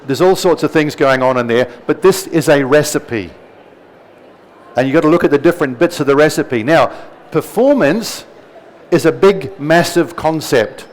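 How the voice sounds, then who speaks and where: A middle-aged man with a softened New Zealand accent speaks at a live seminar. He talks in an easy, conversational way, throwing in jokes and questions to the room, and his pitch sits in the middle range. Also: rough recording. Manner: conversational, joking asides to the audience.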